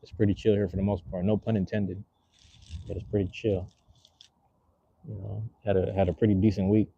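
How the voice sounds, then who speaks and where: A man's voice: lowish voice, little pitch movement, brisk, creaky, breathy edge, narrow, tinny audio. A man hosting a casual livestream, chatting loosely and reading out viewers' messages, with a rambling, slang-filled manner while smoking a cigar. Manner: laid-back, rambling, reads chat aloud with slang. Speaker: livestream host.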